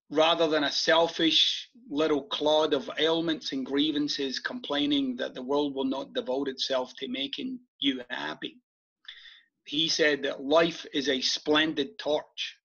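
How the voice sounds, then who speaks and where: A man's voice: mid-range voice, gravelly, bright, forceful tone, slightly rough, highs cut off. A middle-aged Scottish man, an author being interviewed, telling stories casually and animatedly, laughing along as he talks. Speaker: author and podcast guest.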